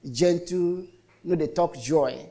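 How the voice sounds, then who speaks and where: High-voiced Nigerian pastor, storytelling. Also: male voice, unhurried, mellow. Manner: chatty storytelling with repetitions and mock voices. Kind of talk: sermon.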